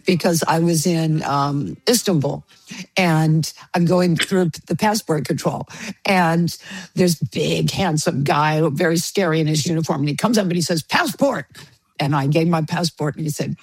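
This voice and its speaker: A woman radio host and jazz pianist telling an animated anecdote, laughing and acting out the voices of the people in it. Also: low voice, a little slow, breathy edge, dry recording. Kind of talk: storytelling anecdote.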